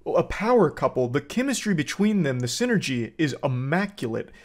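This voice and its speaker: A man giving sarcastic, animated reaction commentary on a clip. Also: on the high side, normal speed.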